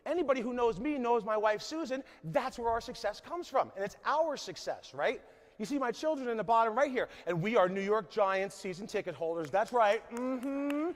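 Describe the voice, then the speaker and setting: A man in his forties delivers an emphatic motivational keynote on a conference stage, his voice pitched notably high. He keeps checking in with the crowd as he talks. The sound carries a long reverb from the large hall. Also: lively intonation, moderate pace. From New Jersey, USA. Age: 40s. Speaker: conference speaker.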